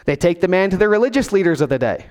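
High-voiced pastor in a reverberant hall. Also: male voice, sing-song, rapid-fire, darkish tone. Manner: storytelling, acts out scenes with voices. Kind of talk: sermon.

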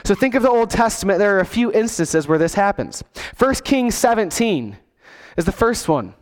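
A man preaching a sermon to his congregation, expressive and acting out the quoted lines. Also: high voice, normal speed, big-room sound. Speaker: pastor.

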